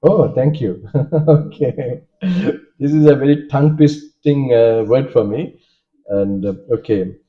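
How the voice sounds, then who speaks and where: A man's voice: mid-range voice, slow. A Sri Lankan man, a native Sinhala speaker and Buddhist monk, giving a Dharma talk and often checking in with listeners by asking "okay?". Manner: asks the audience questions, checks in with "okay?". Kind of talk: Dharma talk with audience questions. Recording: dull lo-fi sound.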